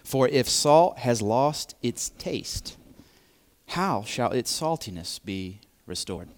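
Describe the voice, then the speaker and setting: A man preaching a sermon, speaking deliberately and repeating key phrases for emphasis. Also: mid-range voice, sing-song.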